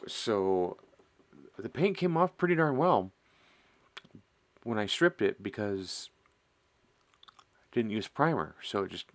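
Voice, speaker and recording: Rambling middle-aged man with a low voice. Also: very animated, takes it slowly, pauses often. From Midwestern US. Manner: rambling, self-mocking, chuckles at himself. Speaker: host of a miniature painting stream. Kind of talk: casual chat while painting.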